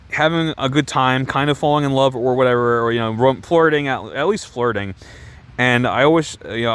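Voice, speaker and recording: A man's voice: medium pitch, a bit bright. A man ranting casually about a movie, rambling with lots of "like" and sarcastic swearing. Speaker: movie reviewer. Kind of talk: casual film review rant.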